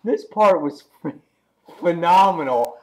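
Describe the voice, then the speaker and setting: A man giving a casual, excitable comic book review, rambling with lots of "he's like" asides. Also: fairly high pitch, slow.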